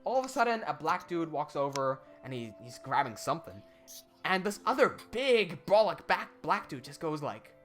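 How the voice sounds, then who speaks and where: A young man telling a story in casual chat, animated, with quick asides and swearing. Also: fairly high pitch, faint music behind.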